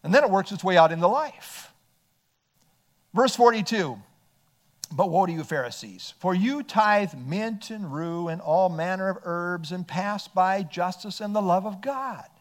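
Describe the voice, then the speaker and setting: A man's voice: high-pitched, lively intonation, measured pace. A male pastor preaching an earnest expository sermon, reading scripture aloud and explaining it.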